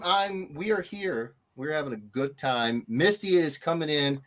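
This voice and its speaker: Animated man greeting viewers. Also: fairly high pitch, measured pace, few pauses. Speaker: host. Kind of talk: casual livestream chat.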